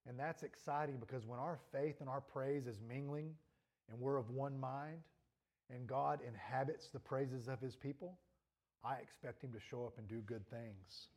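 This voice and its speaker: A man's voice: mid-range voice, moderate pace, a little mellow. Earnest male pastor preaching. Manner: earnest preaching, rising and falling intensity. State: throat trouble. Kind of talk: sermon.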